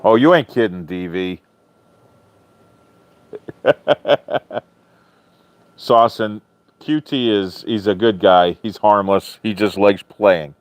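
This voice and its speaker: A man hosting a live stream in casual chat, answering viewers' comments in a chatty, animated way, swearing freely and often laughing. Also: on the low side, very slow, pauses often. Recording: dull lo-fi stream audio, dry.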